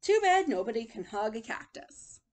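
A woman's voice: a little high, very animated, normal speed. A woman voicing an easygoing male cowboy in a storybook read-aloud, speaking wryly and without hurry.

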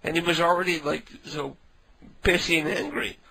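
A man's voice: fairly high pitch, steady tone, normal speed, gravelly, background noise. A man making prank phone calls, sweetly calling the victim love and dear, then breathless from laughing between calls. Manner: mock-friendly, calls people love and dear. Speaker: prank caller.

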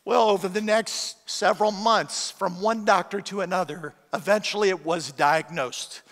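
High-voiced male preacher in reverberant hall. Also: moderate pace, fairly bright tone. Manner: storytelling with self-deprecating humor. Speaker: guest preacher. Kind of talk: sermon. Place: church auditorium. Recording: long church hall reverb.

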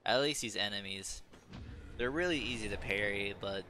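A man's voice: lowish voice, normal speed, bright, forceful tone, slight background noise. A young man casually commenting on his own gameplay, muttering and swearing at enemies. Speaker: gameplay streamer.

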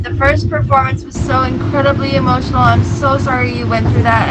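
A woman's voice: fairly high pitch, bright, forceful tone, a little hiss or hum, rough recording. A woman coaching on a live-streamed singing show, gushing with effusive praise while on a train. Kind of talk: live-streamed casual chat.

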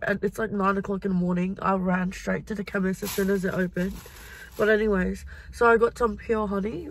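A woman's voice: medium pitch, a little hiss or hum, low-quality recording. A young woman talking casually to her camera in a vlog, chatty and swearing freely. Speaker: vlogger. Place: car in the city.

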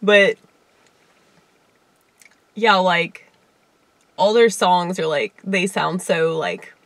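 A woman's voice: on the low side, very slow, no room sound. A woman with a Southern US accent, a comedian rambling in a casual monologue with lots of fillers and chuckles. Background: faint piano keyboard playing.

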